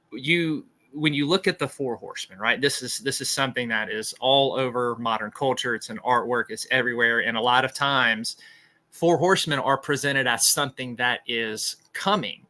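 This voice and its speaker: A man's voice: medium pitch, pushed and bright. A man hosting a podcast, giving an informal Bible study in an earnest, explanatory way and thinking aloud as he goes. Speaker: podcast host teaching scripture.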